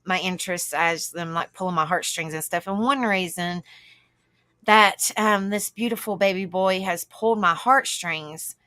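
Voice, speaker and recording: A woman's voice: on the low side, normal speed, no echo. A woman hosting a casual livestream, greeting viewers by name and chatting. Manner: warm greetings to viewers, calling them honey and sister, laughing often. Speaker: livestream host.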